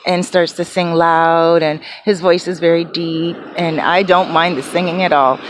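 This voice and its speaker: Woman, slightly low voice, rambling casual vlog talk, lots of fillers, street noise and passing cars in the background. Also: fairly even intonation, a little slow. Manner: rambling, many fillers and restarts. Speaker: vlogger. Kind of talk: casual chatty storytelling. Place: her small apartment.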